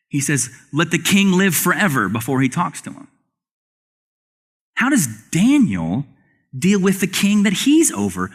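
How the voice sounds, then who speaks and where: Male pastor in a church, animated sermon delivery with lively pitch swings and direct questions to the room. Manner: animated preaching with rhetorical questions. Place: church sanctuary.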